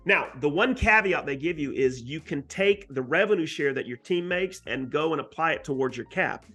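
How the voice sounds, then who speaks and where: An emphatic man recounts his experience as an interview guest, talking animatedly. His voice is bright and a little higher than usual for a man. Soft music plays underneath. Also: animated, normal speed. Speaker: guest real estate agent. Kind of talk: storytelling interview answer.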